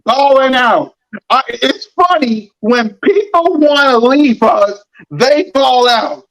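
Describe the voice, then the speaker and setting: Man, very high voice, sports talk host, heated rant, mocking, repetitive. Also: fairly bright tone, poor audio. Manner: heated, mocking, repeats lines for emphasis.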